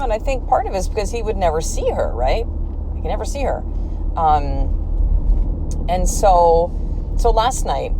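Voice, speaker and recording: A woman's voice: fairly low pitch, noisy background. A woman in her thirties hosting a podcast, talking candidly in a rambling, casual monologue, full of fillers and acted-out quotes. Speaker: podcast host.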